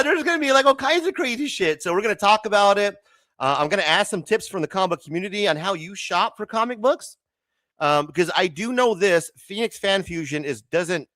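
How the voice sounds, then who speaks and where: A man's voice: on the high side, a bit bright, no room sound. A man from Arizona in his thirties hosting a comics livestream, rambling casually, swearing constantly and laughing often. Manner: loose, rambling, chummy. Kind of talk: casual profane livestream chat.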